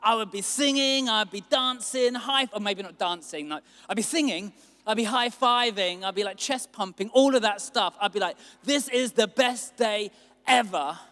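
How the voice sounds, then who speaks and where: Guy preaching in a church, high smooth voice, long hall echo. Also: normal speed. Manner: animated, acts out quotes with big swings in loudness. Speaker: pastor. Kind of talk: sermon.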